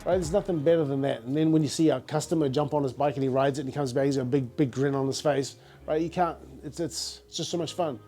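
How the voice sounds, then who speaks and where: A man's voice: on the high side, quick pace, warm tone, soft background music. A middle-aged man with a New Zealand accent, a business founder telling stories in a casual, slangy interview, repeating words as he goes.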